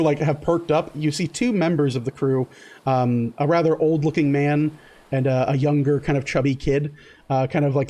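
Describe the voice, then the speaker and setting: A man running a tabletop game as game master, narrating in a loose, halting way full of fillers. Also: fairly high pitch, mellow.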